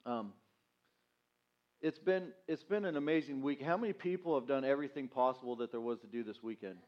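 A man's voice: mid-range voice, brisk, lo-fi sound. A man preaching as youth pastor, telling a self-mocking story with acted-out quotes. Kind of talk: storytelling sermon. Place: church sanctuary.

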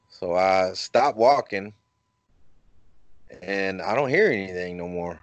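A man hosting a podcast, telling a story in a casual, animated way. He laughs at his own jokes and his voice jumps up high when he quotes himself. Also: slow pace, pauses often, no room sound. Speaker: podcast host.

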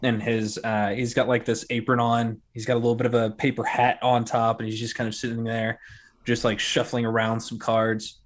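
A man's voice: mid-range voice, monotone, normal speed. A man narrating as game master of a tabletop game, in a loose, chatty way with lots of fillers.

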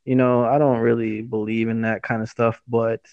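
A man co-hosting a podcast, telling a story in a rambling, halting way with many fillers. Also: mid-range voice, flat delivery, dry recording. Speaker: podcast co-host. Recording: dull dry lo-fi sound.

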